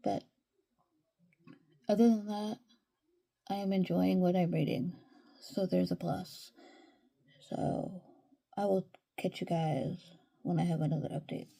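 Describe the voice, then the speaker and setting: A woman's voice: lowish voice, fairly even intonation, measured pace, creaky, long pauses, warm tone, breathy edge. A woman giving casual reading updates in a vlog from home, easygoing and rambling with lots of fillers. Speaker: reading vlogger.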